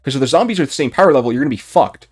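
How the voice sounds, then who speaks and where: A young man giving unscripted commentary on a video game, heated and profane, with his voice rising toward shouting. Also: medium pitch, expressive, racing, slightly rough. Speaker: gaming YouTuber.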